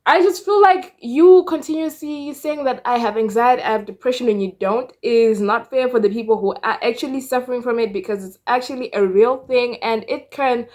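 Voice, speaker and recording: A woman's voice: a little high, brisk, hardly any pauses, a little mellow. A young Zimbabwean woman with a Zimbabwean accent, giving blunt, sassy opinions straight to viewers in a casual vlog. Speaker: YouTuber.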